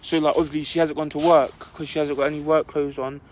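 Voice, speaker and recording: A man's voice: on the high side, little pitch movement, fast. A young man telling a story on a casual podcast, rambling and full of "like" fillers.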